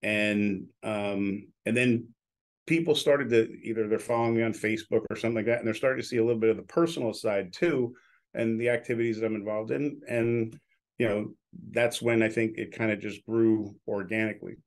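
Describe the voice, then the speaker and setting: Outspoken announcer man, low voice. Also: fairly even intonation, a little fast. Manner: outspoken, acts out quoted dialogue. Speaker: guest, announcer and business owner. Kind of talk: casual interview storytelling.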